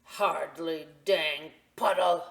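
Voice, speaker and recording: A woman voicing a grumpy older man in a storybook, speaking in a gruff, sour, drawn-out grumble. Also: low voice, a bit bright, full character voice.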